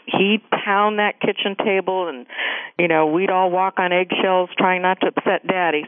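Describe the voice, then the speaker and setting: A woman's voice: mid-range voice, moderate pace, no echo. Middle-aged lady telling her caregiving story on a call-in show, acts out what people said, tinny phone sound. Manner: animated, emphatic, acts out quotes. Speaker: author and caregiver guest. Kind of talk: radio interview, storytelling. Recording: dry tinny phone line.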